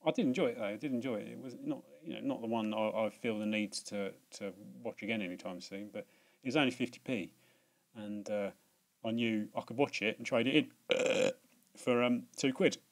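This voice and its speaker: A man's voice: fairly low pitch, brisk, gravelly. A British man hosting a video in casual chat, rambling with many restarts and fillers and laughing at himself. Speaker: video host.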